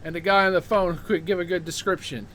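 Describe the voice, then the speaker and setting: A man hosting his own show launches into a heated, profane ranting monologue, repeating words as he gets worked up. His high-pitched voice is a bit bright with fairly even intonation and a quick pace, over slight background noise.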